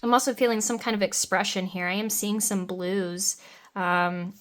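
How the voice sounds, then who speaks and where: A woman's voice: mid-range voice, steady tone, moderate pace. Female tarot reader, young adult, enthusiastic and free-flowing, talking straight to the viewer. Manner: dreamy, meandering, enthusiastic, with soft laughs. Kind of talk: pick-a-card tarot reading.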